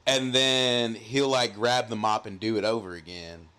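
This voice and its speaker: A young adult man co-hosting a podcast, telling a story in casual chat, animated and profane, with lots of "like". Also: on the low side, measured pace. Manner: animated, profane, heavy use of "like". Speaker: podcast co-host.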